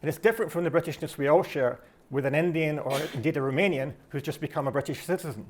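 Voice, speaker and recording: Scottish man, lecturing talk, rapid delivery, slightly high voice, reflective. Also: a little hiss or hum. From Scotland. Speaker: speaker giving a talk.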